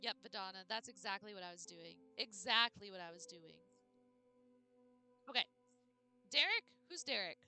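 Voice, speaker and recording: A woman's voice: mid-range voice, animated, moderate pace, pauses often, sharp tone, soft background music. A woman streamer chatting casually and playfully with her chat during a game, breaking into baby talk for her dog.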